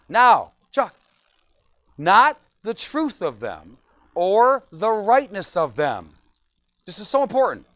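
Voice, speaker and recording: Animated high-voiced man preaching a sermon. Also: no echo. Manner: animated, acts out quoted churchgoers in voices. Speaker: pastor. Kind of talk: evening sermon.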